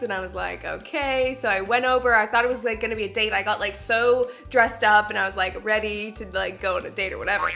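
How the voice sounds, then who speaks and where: A young woman from Canada in her twenties, chatting to camera for her vlog and telling embarrassing stories with lots of giggles. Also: mid-range voice. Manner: giggly, animated storytelling. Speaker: beauty vlogger. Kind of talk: casual chat to camera.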